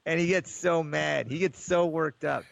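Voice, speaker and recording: Rambling, higher-voiced man telling stories. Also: steady tone, moderate pace, vocal fry, no room sound, lo-fi sound. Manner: rambling storyteller, acts out callers' voices. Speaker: podcast co-host. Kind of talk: casual sports chat.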